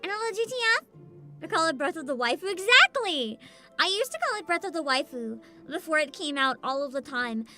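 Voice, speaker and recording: A young woman VTuber chatting on her livestream, her voice very high and bright with a lot of bounce in the pitch. She laughs often, swears freely and rattles off chat names as they come in, while faint game music plays underneath. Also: big pitch swings, brisk. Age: 20s. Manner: reads out and greets chat names. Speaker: VTuber streamer.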